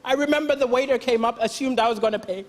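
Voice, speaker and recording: A man from Malawi doing stand-up comedy on a talent show stage, telling punchy stories with acted dialogue and pauses for laughs. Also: extremely high pitch. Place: large theatre stage with audience. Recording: broadcast stage mic with crowd noise. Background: loud audience laughter and cheers.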